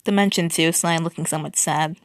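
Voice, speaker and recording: A woman reading a fan fiction story aloud, often tripping over words and restarting. Her voice is low-set and gravelly, and the sound is dry and close. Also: fairly even intonation, a little fast, dry recording. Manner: stumbling, restarting, wry.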